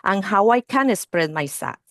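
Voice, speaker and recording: A woman's voice: mid-range voice, sing-song, normal speed, a bit bright, dry recording, clean studio sound. A woman presenting a training webinar for early-learning teachers over a video call, speaking non-native English and often checking in with "okay?" and "you see".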